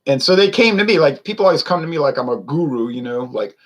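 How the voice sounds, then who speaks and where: A man's voice: fairly high pitch, expressive, quick pace. A man hosting a beer review video, ranting in a heated, sarcastic way. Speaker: beer review channel host. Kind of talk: casual on-camera rant.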